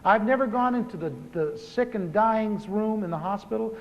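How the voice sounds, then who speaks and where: A pastor in his fifties tells his own testimony in a humorous sermon. He is an animated storyteller who repeats words for comic effect. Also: sits high, moderate pace, highs cut off. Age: 50s. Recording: live talk in a reverberant hall with faint hiss.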